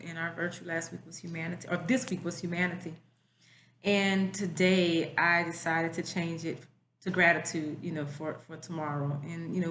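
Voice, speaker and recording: A woman school educator giving a casual spoken message, telling stories in a relaxed conversational way full of fillers. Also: lowish voice, reverberant, a little hiss or hum. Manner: conversational storytelling with many fillers.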